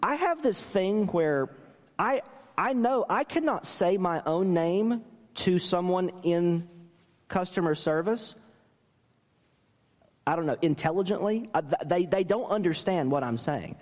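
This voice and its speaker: A man's voice: sits high, lively intonation, a little slow, big-room sound. A man, a pastor, preaching a sermon and telling stories with self-deprecating humor.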